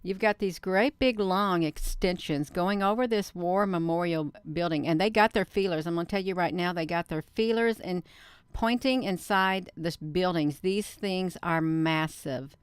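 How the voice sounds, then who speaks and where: Talking to herself as she works and chatting with viewers she calls "you all," a woman hosts a relaxed livestream. Her lowish voice moves at a normal speed, and the tone is clean with no echo.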